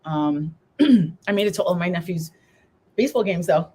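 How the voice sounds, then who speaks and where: A middle-aged woman with a slightly low voice tells her story as a guest on a live talk show. She speaks with emotion close to the surface, fighting back tears as she goes on. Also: animated, moderate pace, mellow, husky. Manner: tearful, holding back emotion while telling her story.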